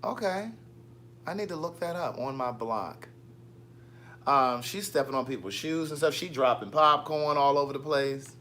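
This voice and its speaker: Bright-voiced guy chatting on his live, reading comments and teasing folks. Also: mid-range voice, expressive, moderate pace, a little hiss or hum. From Maryland. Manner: chatty, reads viewer comments aloud, teasing. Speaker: livestream host. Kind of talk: casual live chat.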